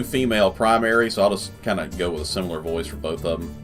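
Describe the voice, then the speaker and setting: A man's voice: low-pitched, fast, faint music behind. A man hosting a casual let's play, rambling chattily between reading the game's text aloud. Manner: rambling and chatty, full of fillers.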